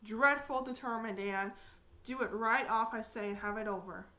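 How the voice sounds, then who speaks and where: A woman voicing a shy, kindly old farmer in a storybook reading, coaxing gently. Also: a little high, moderate pace.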